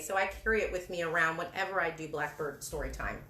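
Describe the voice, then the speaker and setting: A woman reading a picture book aloud to young children, animated and singsong, asking them questions as she goes. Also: low voice, quick pace, hardly any pauses, a little hiss or hum. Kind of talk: children's story time read-aloud. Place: indoor room with books. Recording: echoey room.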